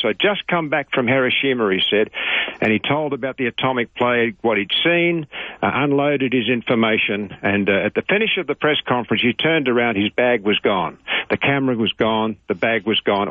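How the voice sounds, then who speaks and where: A man's voice: medium pitch, no room sound. A man from Australia, a radio interview guest telling stories in a digressive, self-correcting way. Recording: phone-line radio call.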